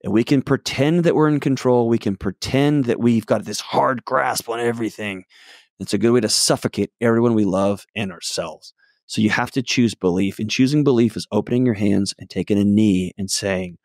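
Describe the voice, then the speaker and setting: A middle-aged man talking as a guest expert, telling stories emphatically with sudden jumps up and drops to soft low tones. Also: a little fast, dry recording, studio quality. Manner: emphatic, swings between loud excited and soft low tones. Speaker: guest mental health expert. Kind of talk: animated storytelling in conversation.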